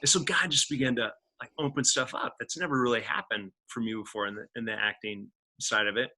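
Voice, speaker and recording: Bright-voiced man telling his story. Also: medium pitch, a little fast. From Indiana, USA. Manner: animated storyteller who acts out other people's lines, many fillers like "like". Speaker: podcast guest, actor. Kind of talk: personal storytelling in a conversation.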